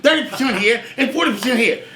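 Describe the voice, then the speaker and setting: A man doing an impression of a brash, boastful billionaire politician who talks in rapid, dismissive patter. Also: extremely high pitch, lively intonation, sharp tone, slight background noise, voice pushed up, heavily acted. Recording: echoey room.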